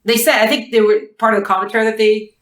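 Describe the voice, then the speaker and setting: A woman's voice: fairly high pitch, level tone, quick pace. A woman co-hosting a casual book podcast, talking in long rambling stretches full of restarts. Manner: chatty, rambling, lots of restarts. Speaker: podcast co-host. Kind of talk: casual book review chat. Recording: echoey room.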